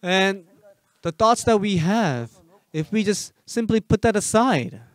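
Emphatic preaching man, higher-pitched. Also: expressive, a little slow, no room sound. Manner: emphatic, asks the congregation rhetorical questions; swings between loud urging and soft asides. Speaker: pastor. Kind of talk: sermon.

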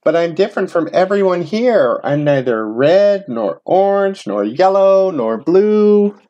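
A man voicing a gentle bird-bunny creature who fits nowhere, speaking slowly and with wonder while reading a children's picture book aloud. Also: sing-song, highs cut off. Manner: slow, high and wondering.

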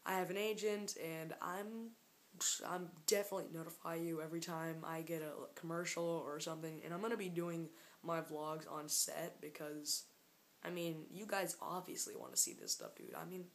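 Rambling, jokey woman vlogger, lowish voice. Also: expressive, normal speed, slight background noise. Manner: rambling and jokey, keeps getting sidetracked. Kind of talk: casual vlog. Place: room alone, upstairs. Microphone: camera mic.

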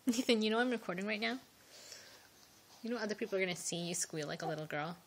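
A woman's voice: medium pitch, quick pace, noisy background. A woman filming her baby on a phone, coaxing and teasing it to roll over in casual home-video talk. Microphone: phone camera.

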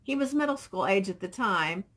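A woman's voice: medium pitch, expressive, moderate pace, fairly bright tone, slightly rough. A middle-aged woman vlogging casually, rambling and reading viewer comments aloud. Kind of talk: casual chat.

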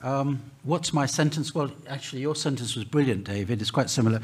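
A man speaks on a conference panel in a slightly husky voice. He talks at a middling pitch, halting often, repeating words and restarting his sentences as he argues his point. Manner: hesitant, many restarts and fillers. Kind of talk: panel discussion.

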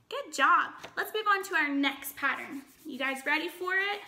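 A woman teaching a children's phonics lesson, upbeat and encouraging, sounding out words slowly and clearly. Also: sits high, expressive, bright, forceful tone.

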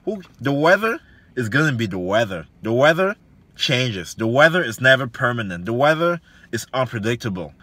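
A man's voice: mid-range voice, very animated, moderate pace, pushed and bright, dry recording. A man, an online fitness coach, giving a preachy motivational monologue full of repeated lines, slang and rhetorical questions.

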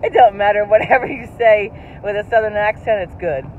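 A woman's voice: medium pitch, fairly quick. A middle-aged woman chatting and laughing as she rides along in a car. Her voice comes through thin and phone-like. A faint hum of road noise sits underneath. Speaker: vlog co-host. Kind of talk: casual chat while driving.

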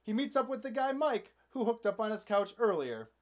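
A man's voice: high-pitched, sing-song, moderate pace. A man hosting a comedic movie recap, narrating with sarcastic, playful asides. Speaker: host.

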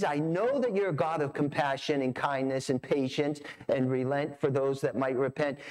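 A man's voice: on the high side, a little mellow. A middle-aged man preaching a sermon as pastor, storytelling with animation and acting out voices. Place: church sanctuary.

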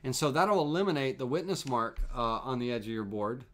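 A man teaching CNC toolpaths on a live stream, explaining in a relaxed, repetitive way with fillers as he works the software. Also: mid-range voice, brisk. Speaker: CNC woodworking instructor.

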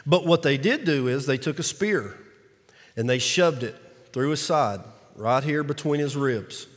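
A man's voice: mid-range voice, expressive, measured pace. A male pastor, preaching a conversational sermon that acts out scripture quotes. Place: church sanctuary. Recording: long reverb of a large hall.

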